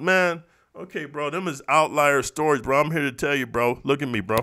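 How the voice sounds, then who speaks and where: Profane high-voiced man ranting. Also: fairly even intonation, moderate pace, no echo, clean studio sound. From eastern United States. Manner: profane, confrontational, says "bro" constantly; swings between low muttering and loud outbursts. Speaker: YouTuber reacting to comments. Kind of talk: heated ranting monologue.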